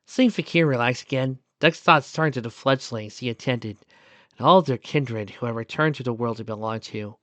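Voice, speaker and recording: A man reading fan fiction aloud as narrator, in a soft, steady storytelling voice. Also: mid-range voice, moderate pace, dry recording.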